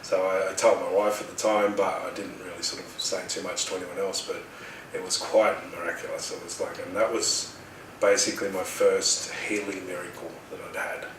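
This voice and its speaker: A middle-aged Australian man casually telling a personal story in a rambling, animated way, acting out the voices of the people in it. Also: sits low, moderate pace, roomy sound, far from the mic, noisy background. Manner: rambling, animated retelling with quoted dialogue. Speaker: healer telling his story.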